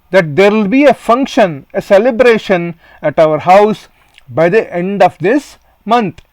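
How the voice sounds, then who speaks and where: A man's voice: sits high, lively intonation, measured pace, dry recording. A man with an Indian English accent teaching a Sanskrit lesson, reading a textbook play phrase by phrase and explaining each phrase in English.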